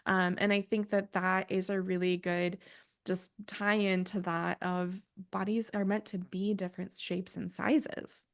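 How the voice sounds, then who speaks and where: A woman's voice: medium pitch, flat delivery, measured pace. A woman talking earnestly as a podcast guest, thinking aloud, going off on tangents and correcting herself. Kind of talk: conversational podcast interview.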